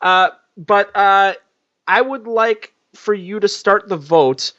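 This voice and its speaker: High-voiced man hosting a comedy podcast. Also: slow pace, pushed and bright, dull audio. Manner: loose, laughing, swearing. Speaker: host.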